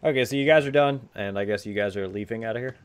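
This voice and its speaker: A man with a fairly low voice running a tabletop game. He talks in a loose, rambling way, laughing easily and swearing as he goes. He narrates the scene for his players. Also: fast talker, clean tone. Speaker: game master.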